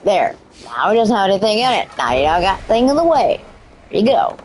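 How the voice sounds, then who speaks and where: A woman streaming a video game, swearing casually and talking to the characters, her voice cracking and squeaking. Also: a little fast, a little hiss or hum. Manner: profane, excitable, talks to the game characters. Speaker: gaming streamer. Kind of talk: casual let's-play commentary.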